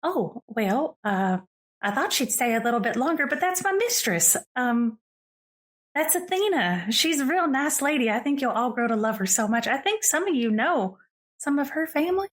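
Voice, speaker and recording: A squeaky, bubbly young woman who rambles eagerly, as a woman puts her on. Her voice jumps way up high and bounces around. She is an eager helper in a tabletop game. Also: very animated, normal speed.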